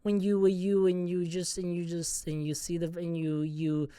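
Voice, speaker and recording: A man's voice: sits high, monotone, normal speed, warm tone, clear, resonant tone, no room sound, clean studio sound. A man hosting a solo podcast, venting in a rambling, profane, self-mocking casual rant. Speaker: podcast host.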